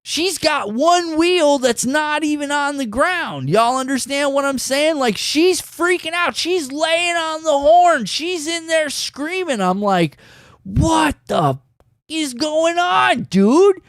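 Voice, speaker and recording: A man tells a story to his viewers in an emphatic, casual way, and his pitch leaps up and down as he talks. The sound is dry and close, with no room echo. He keeps turning to the audience to check they are following. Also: takes it slowly, hardly any pauses. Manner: animated and emphatic, keeps saying "dude". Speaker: fishing channel host.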